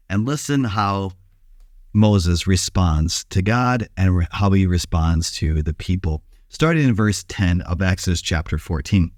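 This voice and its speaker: A male pastor giving a short daily devotional, preaching in a relaxed, conversational way with some filler sounds. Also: fairly low pitch, no echo, clean studio sound.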